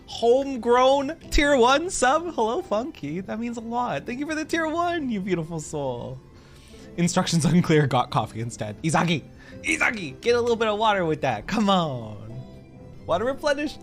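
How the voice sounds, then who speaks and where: A woman streaming a game, chatting playfully and goofily with her viewers. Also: on the low side. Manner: playful, goofy, chats with viewers. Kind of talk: casual livestream chat while gaming. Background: game music.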